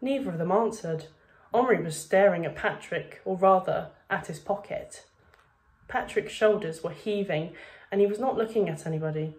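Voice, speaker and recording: A woman's voice: on the low side, moderate pace, darkish tone. A woman, a primary school teacher reading a children's novel aloud to her class.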